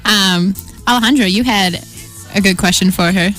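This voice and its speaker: A woman's voice: medium pitch, normal speed, a bit bright, soft background music, poor audio. A woman hosting a student radio show, upbeat and welcoming as she introduces everyone. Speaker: host.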